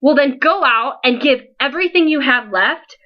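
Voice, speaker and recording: Teen girl, high-pitched, worked-up vlog appeal, lo-fi webcam sound. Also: lively intonation, normal speed. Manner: earnest and emotional, pleading and scolding by turns. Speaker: founder of an online support page. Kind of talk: impassioned vlog speech to followers.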